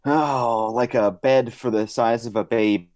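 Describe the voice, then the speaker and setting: A man's voice: mid-range voice, steady tone, a little slow, darkish tone, no echo. A man co-hosting a comedy podcast, rambling through goofy jokes and laughing at his own bits. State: groggy from a nap. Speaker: podcast co-host. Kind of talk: casual comedic banter.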